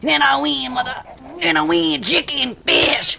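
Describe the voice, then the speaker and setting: A male gaming host giving excitable play-by-play commentary, muttering low asides and breaking into shrieks and yells at tense moments. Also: unhurried, vocal fry, some chatter behind, slight background noise. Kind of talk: gameplay commentary.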